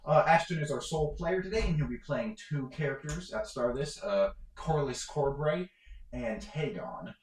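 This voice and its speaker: A man's voice: on the high side, animated, moderate pace, echoey room, poor audio. A man narrating as game master of a tabletop game, rambling with many fillers.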